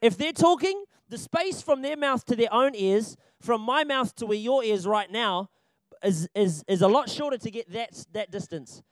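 High-voiced, lively male ministry trainer. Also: moderate pace, no room sound. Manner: animated and jokey, laughs often; repeats key points for emphasis. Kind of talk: church training talk.

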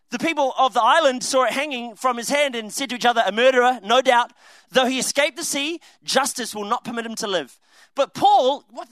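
A young man preaching a comedic sermon, telling a story with laughs and quick asides. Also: extremely high pitch, sharp tone, no room sound.

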